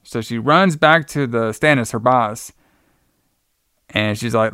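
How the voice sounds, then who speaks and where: A man's voice: mid-range voice, takes it slowly, sharp tone, smooth, no echo, clean studio sound. A man co-hosting a podcast, casually retelling a movie plot in a rambling way full of fillers. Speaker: podcast co-host. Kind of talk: casual movie review chat.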